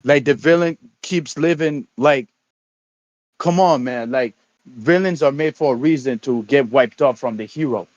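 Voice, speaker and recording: A man rambles through casual stream chat, stopping and restarting often, in a mid-pitched voice. His mic sounds a little dull and dry, with no room echo. He keeps talking at a relaxed, conversational level. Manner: rambling, halting, repeats words. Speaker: stream co-host.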